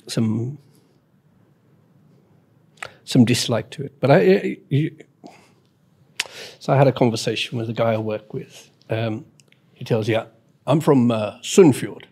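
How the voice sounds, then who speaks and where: A man's voice: medium pitch, takes it slowly, pauses often, a little mellow, husky. A man in casual chat, explaining his thoughts reflectively.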